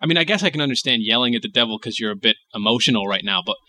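A man's voice: mid-range voice, animated, racing, bright, forceful tone. A man co-hosting a casual podcast, joking sarcastically and swearing freely. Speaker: co-host.

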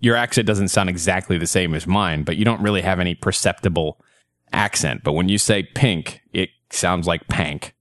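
Low-voiced man telling a rambling story. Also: moderate pace, a bit bright, no room sound, studio quality. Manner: rambling storyteller, laughs often. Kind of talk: casual chat.

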